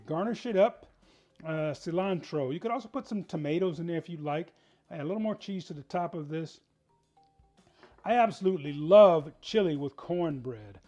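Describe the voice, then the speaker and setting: A man hosting his own cooking show, chatting in a folksy, relaxed way to viewers at home as he cooks and serves food. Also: a little high. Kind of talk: casual cooking demonstration.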